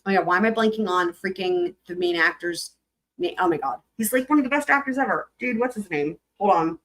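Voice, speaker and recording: A woman's voice: lowish voice, fairly quick, a bit bright, a little hiss or hum. A young adult woman hosting a livestream, chatting casually with viewers, rambling and laughing, swearing freely. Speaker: livestream host.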